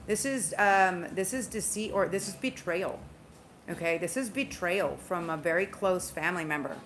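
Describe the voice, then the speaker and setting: Woman, slight Southern drawl, casual tarot reader; emphatic, repeats herself, rushes and stumbles now and then. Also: lowish voice, a bit bright, slight background noise. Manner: chatty, emphatic, repeats phrases, speeds up and stumbles at times. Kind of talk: casual spiritual tarot reading.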